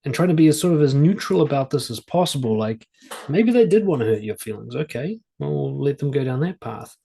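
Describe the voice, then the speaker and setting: A man's voice: medium pitch, sing-song, fairly quick, gravelly, mellow, husky. A man coaching parents on confidence, talking plainly and conversationally and drawing on examples from his own family. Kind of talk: advice talk to camera.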